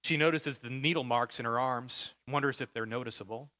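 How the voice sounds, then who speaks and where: A man's voice: medium pitch, fairly quick, sharp tone. A male pastor preaching a sermon with vivid, dramatic storytelling.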